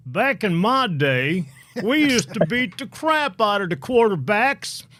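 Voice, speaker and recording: A man's voice: very animated, slow, pushed and bright, a little hiss or hum, heavily acted. A man putting on an old man's voice as a boastful former football lineman. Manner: boasting, rising pitch.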